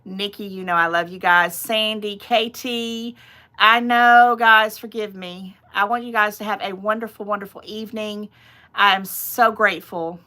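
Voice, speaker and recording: A woman's voice: medium pitch, steady tone, a little slow, bright, forceful tone. A middle-aged woman hosting her own channel's livestream, chatting casually and rambling off on tangents. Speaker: channel host.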